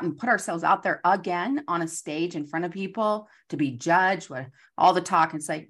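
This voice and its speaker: Woman in her 40s, low voice, gives a motivational talk and acts out her inner voices. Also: normal speed, few pauses. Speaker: host.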